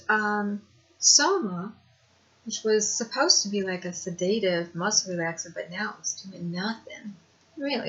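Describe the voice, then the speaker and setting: A woman's voice: medium pitch, fairly bright tone. A woman telling a personal story to camera in a rambling, conversational way, with hesitations. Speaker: video blogger. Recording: dull lo-fi home recording.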